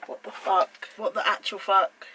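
A woman's voice: mid-range voice, flat delivery, unhurried, sharp tone, a little hiss or hum, poor audio. A young woman vlogging at home, flustered and exclaiming in disbelief as she swears her way through cutting her hair. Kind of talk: casual vlog.

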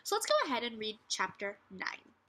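Bright-voiced woman teacher talking to young kids. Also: mid-range voice, big pitch swings. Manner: friendly, explains slowly with questions like "right?". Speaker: second grade teacher. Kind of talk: teacher reading aloud to children.

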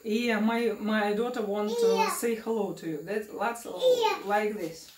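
In her home kitchen, a young woman with a Russian accent chats casually in broken English for a family cooking vlog, hesitating often with fillers and restarts. Her medium-pitched voice is animated and measured in pace. The room is echoey, the mic distant, and noise is audible.

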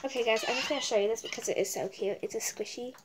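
A woman's voice: fairly high pitch, rapid-fire. A young woman rambling casually in a giveaway vlog, bubbly and full of "like". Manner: rambling and bubbly, many likes. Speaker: vlogger. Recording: noisy home recording.

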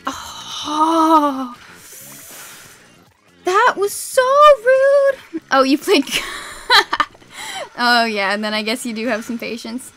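Young woman gaming streamer, bright lively voice, laughs a lot, faint game music behind. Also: high voice. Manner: excitable, laughs often, sudden shrieks at the game. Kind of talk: casual gaming stream chat.

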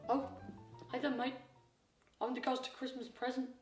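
A woman's voice: sits high, little pitch movement, normal speed, darkish tone, echoey room, distant mic, faint music behind, close to an everyday voice, poor audio. A woman with a New Zealand accent playing a breezy, teasing ghost of Christmas present in a comedy sketch.

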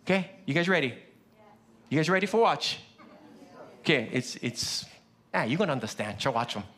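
A man's voice: fairly high pitch, normal speed. A male pastor who grew up speaking Pidgin, preaching casually and often asking the congregation questions. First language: Hawaiian Pidgin. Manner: lively, conversational, asks the congregation questions. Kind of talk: sermon.

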